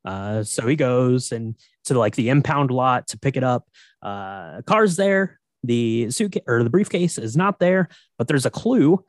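A man co-hosting a podcast, recapping a film in a relaxed, halting way with many fillers. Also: medium pitch, no room sound. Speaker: podcast co-host.

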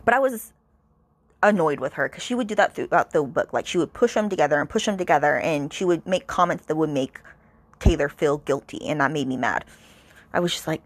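A woman with a lowish voice hosts a podcast, chatting casually about a novel at a slightly quick pace with no room sound. She retells scenes in quoted voices, dropping "like" constantly and tossing in exasperated asides.

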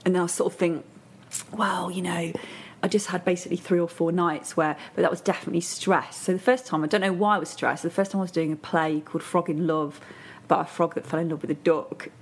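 Husky-voiced northern English woman chatting. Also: lowish voice, fairly even intonation, fast talker. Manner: chatty storytelling, many fillers and restarts. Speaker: podcast guest. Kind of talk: casual chat.

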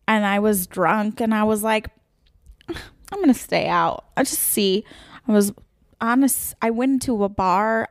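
Woman guest on a podcast, rambly storytelling, mid pitch, dry close mic. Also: no echo. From United States. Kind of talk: casual chat.

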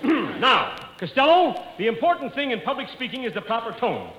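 An actor playing a pompous, grandiloquent bald professor of public speaking in a 1940s radio comedy. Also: male voice, very high voice, wildly swooping pitch, normal speed, fairly bright tone, heavily acted. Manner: pompous, grandiloquent, clears throat. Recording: echoey old radio broadcast.

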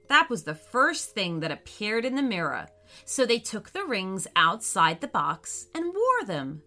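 A woman reading a children's story aloud, slowly and expressively. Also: soft background music. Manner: slow, expressive reading with lively pitch.

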